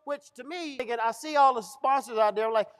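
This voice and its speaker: A man with a strikingly high voice tells a comic story to a live audience. He is middle-aged and animated, jumping into the voices of the people he quotes. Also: brisk, very noisy. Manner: animated, acts out dialogue. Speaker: comedian. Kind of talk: comedic storytelling. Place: event stage.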